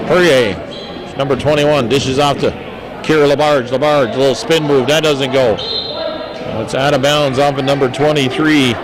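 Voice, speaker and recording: A man doing folksy, joking play-by-play of a local high school basketball game. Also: steady tone, moderate pace. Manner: folksy, jokey, stumbles over player names. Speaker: play-by-play announcer. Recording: noisy gym broadcast audio. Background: gym ambience and bouncing basketballs.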